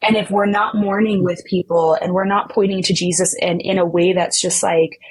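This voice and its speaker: Breathy woman guest on a podcast, earnest, talks with conviction, does little voices for people she quotes. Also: fairly even intonation, moderate pace, poor audio. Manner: earnest, acts out quoted people with sharp pitch jumps; faith-centered, speaks with conviction. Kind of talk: candid conversational interview.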